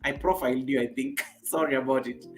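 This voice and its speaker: A Kenyan woman chats on her live stream, answering viewer comments in a relaxed, rambling way. She laughs often and repeats her phrases. Faint music plays softly in the background. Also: extremely low pitch, brisk.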